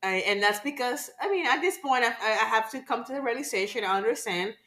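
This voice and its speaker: A woman's voice: a little high, lively intonation, quick pace, fairly bright tone. A woman co-hosting a podcast in a candid casual chat, hiccuping and apologizing, laughing at herself. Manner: self-conscious, apologetic, laughing. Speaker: podcast co-host.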